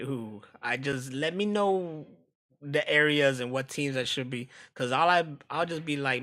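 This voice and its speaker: A man's voice: mid-range voice, pushed and bright. An American man streaming, chatting casually and profanely while reacting to videos, often laughing. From United States.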